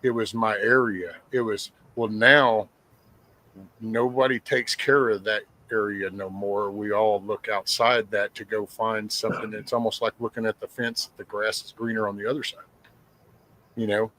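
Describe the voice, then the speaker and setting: A middle-aged man tells stories in a blunt, plainspoken way, cursing freely. His voice sits fairly low. The talk is a loose podcast conversation. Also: level tone, moderate pace, bright, forceful tone, rough recording. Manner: rough-spoken, profane, plainspoken. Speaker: guest sharing life stories. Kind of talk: casual podcast storytelling.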